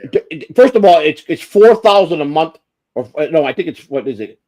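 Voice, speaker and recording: A man's voice: fairly high pitch, animated, brisk, dark tone, no room sound. Guy on a livestream telling a long rambling story, swears a ton, voice jumps all over, dry close sound. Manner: profane, rambling storyteller with frequent restarts. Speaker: livestream host.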